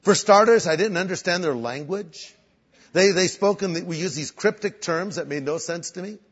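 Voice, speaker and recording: An older male preacher delivers a story-driven sermon, acting out the people he describes. His voice sits high and the recording sounds dull and lo-fi. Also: normal speed, slightly rough, long reverb tail. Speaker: guest pastor.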